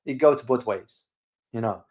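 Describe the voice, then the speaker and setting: A man hosting a casual live-stream commentary, speaking emphatically to his viewers, repeating words for stress and pausing often with hesitations. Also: medium pitch, a little mellow. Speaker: channel host and geopolitical commentator.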